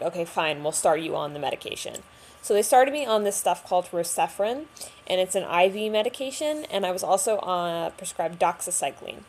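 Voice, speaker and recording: A woman's voice: fairly low pitch, a little mellow, slight background noise. A young woman talking candidly to camera about a hard time, chatty and full of fillers. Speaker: vlogger. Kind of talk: personal storytelling to camera.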